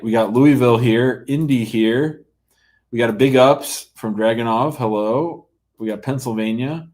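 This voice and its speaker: A man's voice: fairly low pitch, darkish tone. A middle-aged man hosting a live call-in show as an immigration lawyer, blunt and joking as he reads out viewer comments. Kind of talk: casual live-stream chat.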